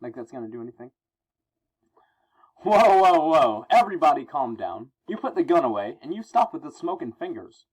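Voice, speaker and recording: A man's voice: mid-range voice, sing-song, fast talker, hardly any pauses, a little mellow, husky. A man reading aloud as a wisecracking masked teen superhero, jokey and frantic. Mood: cocky. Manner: jokey, frantic, self-mocking.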